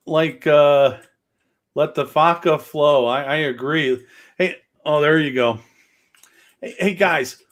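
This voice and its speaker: A man hosting a casual livestream, rambling with many fillers and jokes. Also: a little high. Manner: rambling, filler-heavy, joking. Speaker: host of a livestreamed gaming show.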